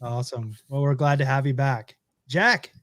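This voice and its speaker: A man's voice: mid-range voice, moderate pace, fairly bright tone, no room sound, studio quality. A man hosting a casual podcast, breezily wrapping up and cracking jokes. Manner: breezy, wisecracking. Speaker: podcast host.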